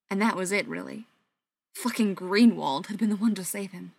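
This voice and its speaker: A woman narrates a dark audiobook in an even, measured reading. Her voice sits at a middle pitch. The studio sound is close and dry. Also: vocal fry, breathy edge, no room sound. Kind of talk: scripted narration.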